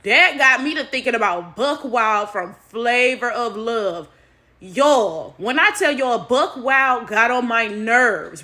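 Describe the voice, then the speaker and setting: An American woman talking straight to her viewers in animated, casual commentary. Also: a little high, takes it slowly. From United States. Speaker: vlogger.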